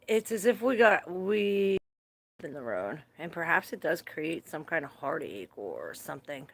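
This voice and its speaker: A woman giving a casual live tarot reading, chatty and laughing often, cursing freely as she talks to her viewers. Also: deep voice. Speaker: tarot reader.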